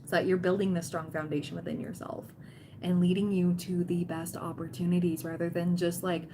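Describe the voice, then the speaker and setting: A woman hosting a tarot livestream chats casually and cheers on her viewers, often quoting people in playful voices. Her voice is lowish and level, her pace brisk, with background noise in the recording.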